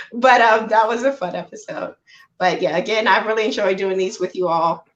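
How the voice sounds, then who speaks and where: A woman co-hosting a casual group chat about movies, playful and quick to laugh. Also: medium pitch, highs cut off. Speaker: podcast co-host.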